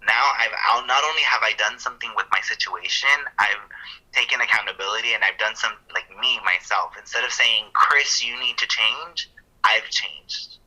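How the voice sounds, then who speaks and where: A man on a casual podcast, walking through counseling concepts and pausing to correct himself as he goes. His voice sits fairly low, with a very tense, bright edge and a husky grain. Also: poor audio. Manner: thoughtful, talks through ideas with fillers and self-corrections. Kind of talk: casual explanatory podcast talk.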